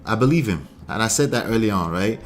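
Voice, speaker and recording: A man's voice: fairly low pitch, expressive, quick pace. A man hosting a relationship livestream, reading viewer comments and answering with emphatic, repeated points and rhetorical questions. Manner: laughs often, mocks quoted lines in put-on voices. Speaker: relationship coach and channel host.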